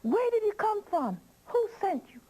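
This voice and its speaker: Woman doing a shrill angry old witch. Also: big pitch swings, moderate pace, dark tone. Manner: shrill, shrieking.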